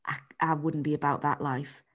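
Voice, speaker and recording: A woman's voice: deep voice, level tone, normal speed, fairly bright tone. A woman hosting a podcast in casual chat, laid-back and teasing, laughing often and passing on listener messages. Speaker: podcast host.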